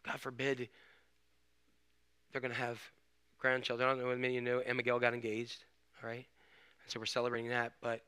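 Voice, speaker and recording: A middle-aged male pastor preaching a sermon in an animated, conversational way, swinging from loud emphasis to hushed asides and asking rhetorical questions. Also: mid-range voice, fairly quick, pauses often, clean tone.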